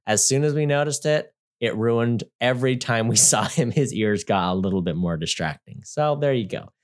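A man co-hosting a casual movie review podcast, jokey and animated, often laughing and dropping to low mutters. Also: moderate pace. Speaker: podcast co-host.

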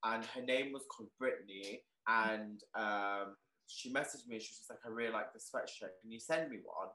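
A young man tells a story as an interview guest in a bright, ringing voice, excitable and leaning on "like" as he goes. The sound carries a roomy echo. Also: fairly low pitch, moderate pace. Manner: excitable, peppered with "like", animated retelling. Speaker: guest, clothing shop owner.

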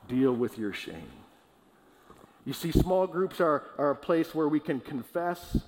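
A man preaching a sermon as pastor, earnest and emphatic, slowing down to stress key words and sometimes restarting a phrase. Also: a little high, slight background noise. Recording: long reverb of a large hall.

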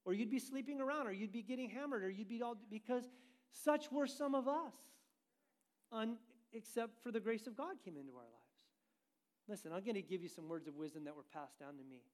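Guy preaching a sermon, pretty high voice, keeps asking the congregation stuff. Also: brisk. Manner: animated preaching, asks the congregation questions. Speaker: pastor.

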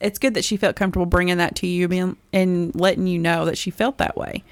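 A woman's voice: lowish voice, fairly even intonation, fast talker, no room sound. A woman in a podcast discussion who speaks thoughtfully, hesitating as she goes.

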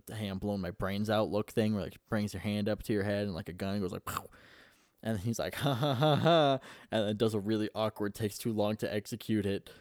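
A man's voice: fairly low pitch, darkish tone, no echo, clean studio sound. A young man casually recapping a movie in a rambling, profane way, full of fillers.

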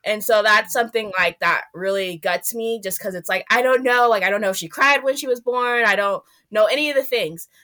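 Woman interview guest, bright tone, lively storyteller who acts out her own quotes. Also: medium pitch, a little fast, hardly any pauses. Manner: animated, reenacts her own past remarks in a raised voice. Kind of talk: personal storytelling.

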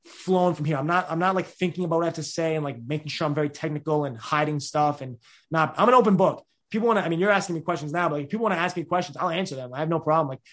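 A young podcast host in his twenties is being interviewed casually and openly, firing off rambling answers at great speed with lots of restarts. His voice is a little high and a bit bright, and his energy never drops.

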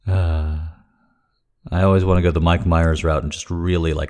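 Low and darkish, with a level tone and moderate pace, a man hosts a livestream and reads requests for patrons. He thanks supporters in a rambling, joking, heavily profane chat.

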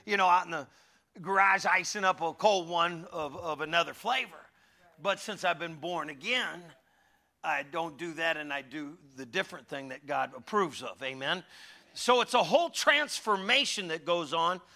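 A middle-aged male pastor preaching a folksy, conversational sermon. His voice sits high and very bright, with a gravelly edge. He is animated, swinging from loud calls to the congregation to hushed, confiding asides. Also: moderate pace. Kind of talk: conversational sermon with humorous stories.

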